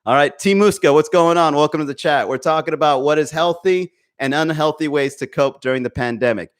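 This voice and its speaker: A man hosts a live comedy podcast from home, talking into a desk mic. His voice sits a little high for a man, and he swears freely while calling out chat viewers by name. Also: a little fast, clean tone. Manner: profane, animated, talks to chat viewers. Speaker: podcast host. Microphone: desk microphone.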